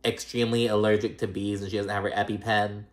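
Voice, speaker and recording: Talking fast in a low, level tone, this man rambles through a casual reality show recap. He leans constantly on "like" and "girl" as he chats.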